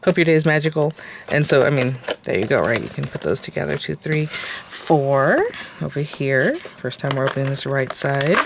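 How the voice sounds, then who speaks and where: A woman's voice: a bass voice, animated, moderate pace, vocal fry, noisy background. Chatty woman crafter thinking aloud. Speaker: craft channel host. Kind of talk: casual crafting tutorial.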